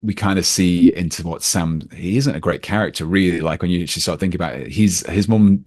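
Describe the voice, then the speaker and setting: A man's voice: low-pitched, fast, a little mellow. A man talking casually about a film as a podcast guest, with lots of fillers and restarts. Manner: rambling, many fillers and restarts.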